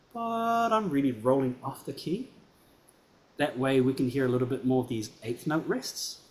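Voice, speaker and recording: A man's voice: mid-range voice, slight background noise. A man teaching piano, giving a student encouraging feedback in a performance class and often checking that he is understood.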